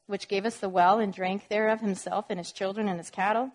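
A woman leading an informal Bible lesson at a medium pitch. She reads verses aloud with added weight, then breaks into chatty explanations and asides. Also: steady tone, fairly quick. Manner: reads scripture aloud with emphasis. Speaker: Bible teacher.

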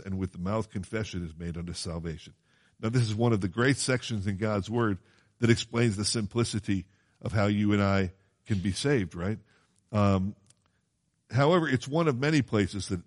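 Male preacher, lowish voice, chatty sermon delivery that keeps checking in with the congregation. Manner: conversational, asks the congregation questions; quotes scripture in old-fashioned wording.

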